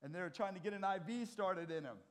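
An American man preaches from the pulpit with a slightly raised voice. He tells stories in a conversational way, getting loud and then dropping almost to a murmur. The delivery is that of a pastor talking directly to his congregation. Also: high-pitched, quick pace. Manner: conversational storytelling with big swings between loud and soft. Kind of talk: sermon. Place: church.

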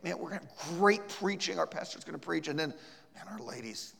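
Lively high-voiced man with gravelly edge. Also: brisk. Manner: animated, acts out scenes. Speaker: teacher. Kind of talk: church teaching with a live role-play. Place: church hall. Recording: reverberant hall.

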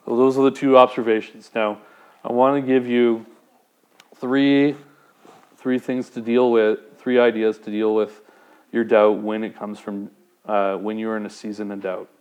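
A man's voice: fairly low pitch, flat delivery, a little slow, a little mellow, smooth, muffled recording. A man preaching a sermon, speaking conversationally and putting direct questions to the congregation. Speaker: pastor.

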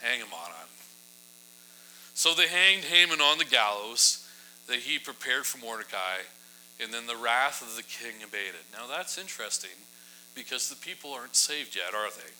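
A man preaching a sermon in a casual, humorous storytelling style, often adding quick asides to his listeners. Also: medium pitch, expressive, pushed and bright, slight background noise, low-quality recording. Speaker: pastor.

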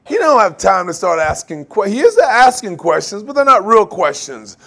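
A man preaching a sermon, animated, laughing often and acting out quoted voices. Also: high voice, normal speed, vocal fry. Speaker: pastor.

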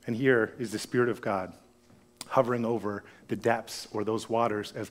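A man's voice: medium pitch, steady tone, normal speed. A man in his thirties preaching a sermon, telling a family story in a conversational way before turning to scripture. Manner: storytelling, conversational, drops to a hush for solemn lines. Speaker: pastor.

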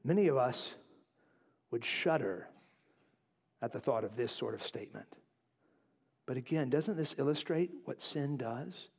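A male pastor preaching a sermon, acting out quotes and dropping to quiet asides. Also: mid-range voice. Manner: animated, acts out voices in quotes, drops to quiet asides.

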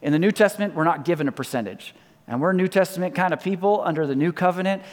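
A fairly high-voiced man delivers a sermon from the pulpit, leaning on repeated phrases and letting his sentences fall soft and quiet. His voice rings out through the long reverb of a large church hall. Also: fast talker. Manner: emphatic, repeats key lines, drops to soft quiet endings. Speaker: pastor.

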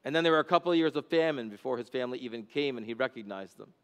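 A man's voice: medium pitch, animated, rapid-fire, a bit bright, in a large hall. A pastor preaching an expository sermon, a man whose voice climbs and drops for emphasis as he explains scripture.

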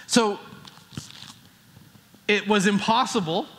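A man's voice: sits high, slow pace, fairly bright tone. A middle-aged man preaching a sermon as pastor, earnest and emphatic. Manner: earnest, builds emphasis with restarts.

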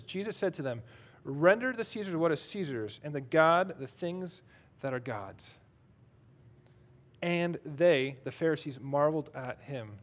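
A man preaching a sermon in a conversational, self-deprecating way, reading scripture aloud between his own remarks. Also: fairly high pitch. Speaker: pastor.

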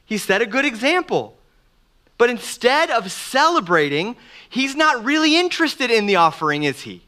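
A middle-aged man preaching a sermon as pastor, animated and acting out the voices of the people he quotes. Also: very high-pitched, normal speed.

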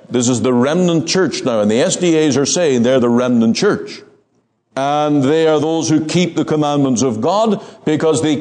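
A man preaching a sermon in a measured, emphatic way, slowing down to stress key words. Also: a little high, a little mellow.

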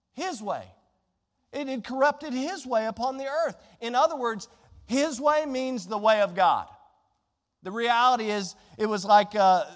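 A man preaching a sermon to a congregation, shifting between impassioned, conversational preaching and quiet pleading. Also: very high voice. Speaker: pastor. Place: church sanctuary. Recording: long church reverb.

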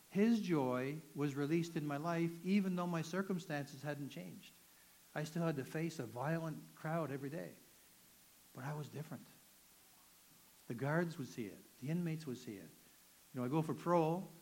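A man's voice: on the high side, poor audio. An earnest man delivers his testimony as a sermon, speaking with conviction in a slightly raised voice. He tells his story in an emphatic way and keeps it personal. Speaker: guest speaker giving testimony.

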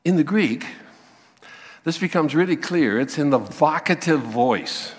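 Animated preaching man in a reverberant hall. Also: a little high, unhurried. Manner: animated preaching, acting out quoted voices. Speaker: pastor. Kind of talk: sermon.

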